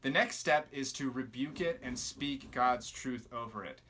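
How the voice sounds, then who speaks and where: A man's voice: medium pitch, unhurried, bright, forceful tone, slightly rough. A man giving a devotional teaching talk to young people, explaining steadily and earnestly, with emphatic rebukes. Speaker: youth ministry teacher.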